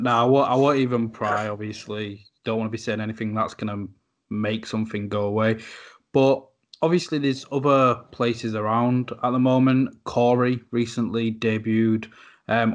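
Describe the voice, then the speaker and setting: A man's voice: mid-range voice, dull audio. A man hosting an interview, giving short replies and asking loose, rambling questions. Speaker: interviewer, host.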